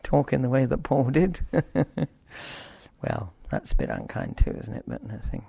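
An older man teaching a Bible passage informally, rambling with wry asides and reading the scripture aloud forcefully. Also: medium pitch, huge pitch swings, measured pace, vocal fry, slightly rough, dry recording.

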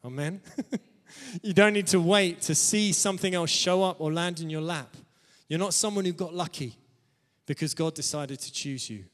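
A man with a fairly high voice preaches a sermon to his congregation, laughing between phrases and often calling out "amen." His voice rings with the long reverb of a church hall. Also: moderate pace.

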